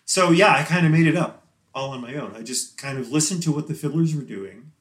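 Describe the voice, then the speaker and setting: A man talking as a guest musician in a casual interview, rambling and chatty and quick to laugh. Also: a little high, a bit bright. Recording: roomy echo.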